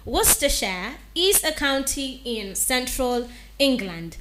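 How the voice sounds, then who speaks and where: Woman radio presenter spelling words slowly. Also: sits high, lively intonation, echoey room, background noise. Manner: slow deliberate spelling, repeats each word. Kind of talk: radio diction segment, spelling and pronouncing words. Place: radio studio.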